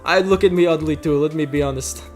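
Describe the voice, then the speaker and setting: A man's voice: on the high side, fast talker, soft background music. A young man reading a visual novel aloud as host, with jokey, laughing asides between lines. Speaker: let's play host.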